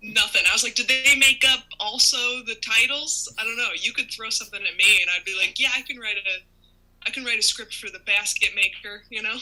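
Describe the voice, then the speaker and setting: Very bright-voiced woman joking around. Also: a little high, brisk, poor audio. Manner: self-deprecating, animated, acts out her own reactions. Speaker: comedy show guest performer. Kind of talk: casual comedic banter.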